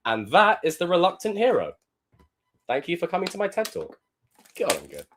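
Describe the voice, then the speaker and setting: A young man live-streaming, reacting to film clips with animated, profane commentary and sudden loud outbursts. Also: sits high, normal speed, a little hiss or hum.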